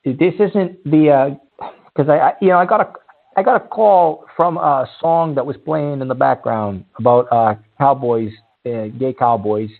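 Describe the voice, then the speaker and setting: A man's voice: medium pitch, normal speed, vocal fry. A man hosting a comedic call-in radio show, blustery and exasperated. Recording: tinny phone-like sound.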